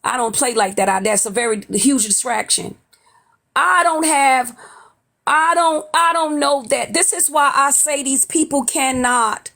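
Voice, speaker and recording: A woman from New York with a high voice hosts a casual gossip livestream from home. She puts on a Southern drawl today and talks bluntly and sassily, cussing freely. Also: measured pace, bright, forceful tone. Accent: put-on Southern drawl. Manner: blunt, sassy, cusses freely. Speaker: livestream host. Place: at home, off camera.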